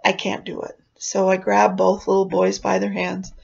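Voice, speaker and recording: A woman's voice: medium pitch, monotone, moderate pace, vocal fry, slightly rough. A woman telling a spooky personal story dramatically, dropping into whispers for suspense. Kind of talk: oral storytelling. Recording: dull lo-fi recording.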